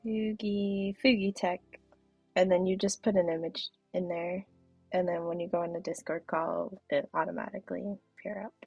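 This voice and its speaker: A woman's voice: lowish voice, steady tone, normal speed, gravelly, a little mellow, husky, no room sound, soft background music. A young woman chatting casually on her live stream, giggly, with a throat that feels off and the odd whispered aside. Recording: dull, muffled stream audio.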